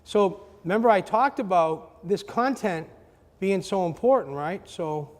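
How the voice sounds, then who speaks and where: A man with a high voice leads a live workshop in a large hall, talking with energy and often checking in with the room. His words ring out with a long reverb behind them. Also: unhurried. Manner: energetic, asks the audience questions. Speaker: marketing seminar presenter.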